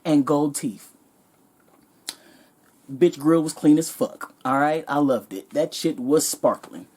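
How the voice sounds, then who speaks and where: A woman vlogger telling a comedic story in a sassy, animated, profane way. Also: low-pitched, takes it slowly, slightly rough.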